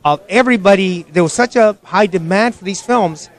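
A man being interviewed as a guest, a film director telling lively stories about his career. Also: high-pitched. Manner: animated storyteller, quick to laugh. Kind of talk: casual interview.

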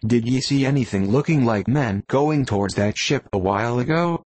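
A man's voice: medium pitch, normal speed, darkish tone, breathy edge, dry recording, close to an everyday voice. A man voicing a cryptic, ragged old sailor with an ominous, rambling way of talking.

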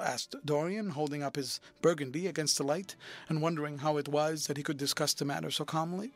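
A man reading a classic novel aloud as an audiobook narrator, with measured, even storytelling. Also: on the high side. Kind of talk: scripted narration.

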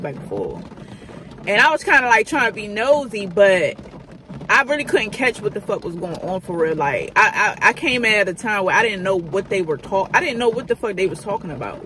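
A woman in her thirties spills a candid storytime, talking loosely and with plenty of swearing. Her voice sits at an ordinary middle pitch, recorded on a phone camera with faint traffic passing behind. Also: sharp tone. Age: 30s. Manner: candid, profane, chatty slang storytelling. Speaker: vlogger. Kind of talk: casual storytime.

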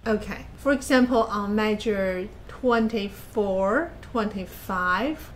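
A woman's fairly high, animated voice moves at a measured pace as she gives patient masterclass feedback on a recorded performance. As a piano teacher, she explains plainly and counts or hums passages aloud, with piano playing in the background.

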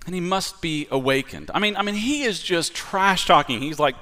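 A male pastor with a fairly high voice delivers a sermon in a casual, storytelling manner. His words ring out with a long reverb from a big church sanctuary. He slips in everyday fillers as he talks. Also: normal speed, few pauses. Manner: conversational, animated storytelling with fillers. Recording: long reverb of a large hall.

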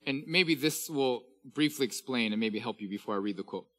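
A man in his thirties preaching a sermon as pastor, swinging from loud, declaimed scripture readings to hushed, intimate asides. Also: medium pitch, lively intonation, fairly quick.

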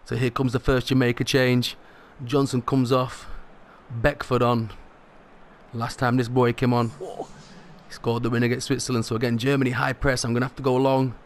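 A man commentating his own football video game match as he plays, excitable and rising sharply in pitch at big moments. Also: moderate pace, slight background noise. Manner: excitable, rises sharply at goals. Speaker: gaming commentator.

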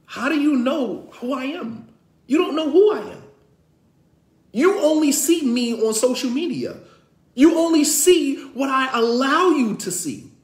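A man's voice: sits high, echoey room. A man who is an imam, teaching a religious class in an emphatic, repetitive way with many rhetorical questions. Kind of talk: impassioned religious class lecture.

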